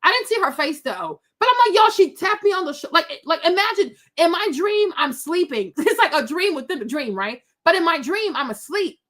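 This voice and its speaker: A personal tale comes from a middle-aged host speaking directly to her viewers in a high voice. Lots of asides and quick returns to the audience mark her animated, chatty delivery.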